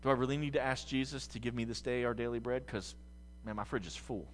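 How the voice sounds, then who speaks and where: A pastor from the United States preaches a sermon, moving from quiet musing into loud, fervent passages. His mid-range voice stays steady in tone as he talks fast, with a big-room sound and slight background noise.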